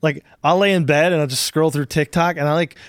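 A man's voice: on the high side, fairly quick, no echo. A man in his forties hosting a podcast, telling rambling, profane stories in casual chat. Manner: rambling, profane, animated storytelling. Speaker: podcast host.

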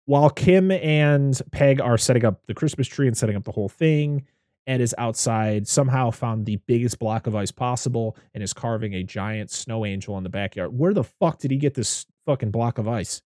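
A man from Western Massachusetts casually recapping a movie, animated and swearing, often jumping into high voices to act out the characters. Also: normal speed, dry recording, clean studio sound.

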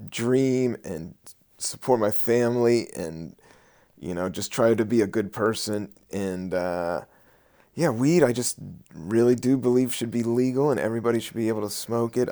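A man hosting his own podcast as a comedian, talking in a loose, meandering way with casual swearing, a little high. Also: darkish tone. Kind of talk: casual rambling podcast monologue.

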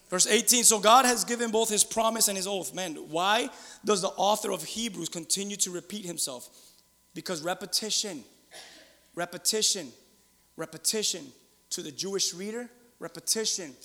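A middle-aged pastor preaches in the church sanctuary, his high, bright voice carrying vocal fry at a moderate pace. He pauses often, alternating loud exclaiming with quiet asides, as a long hall reverb trails after his words.

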